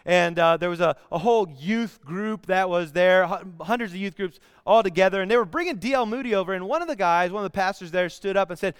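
A man preaching a sermon, telling stories in an animated way and breaking into bits of song. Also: high voice, fairly quick, few pauses, clean tone, no echo, clean studio sound. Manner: storytelling, animated, bursts into song. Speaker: pastor.

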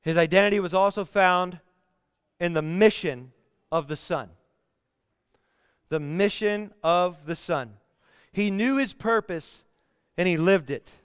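A man preaching a sermon, telling stories in an animated way and breaking into bits of song. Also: high voice, slow, pauses often, clear, resonant tone, dry recording, studio quality. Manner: storytelling, animated, bursts into song. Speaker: pastor.

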